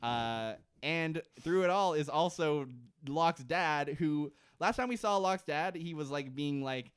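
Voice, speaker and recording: Podcast guy rambling thru an episode recap, joking around, smooth clear voice, dry mic. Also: fairly high pitch, expressive, dry recording. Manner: rambling, laughing, quick to joke. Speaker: podcast co-host. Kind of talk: casual chat recapping a TV episode.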